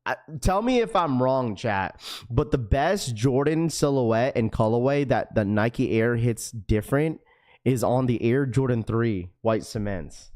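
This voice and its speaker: A young man hosting a live stream, chatting casually with viewers in an energetic, slangy, talkative way. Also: medium pitch, measured pace. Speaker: livestream host.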